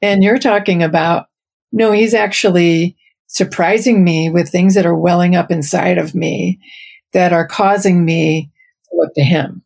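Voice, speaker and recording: Low, gravelly-voiced woman podcast host. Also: steady tone, a little slow, a little mellow. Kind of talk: casual faith podcast chat.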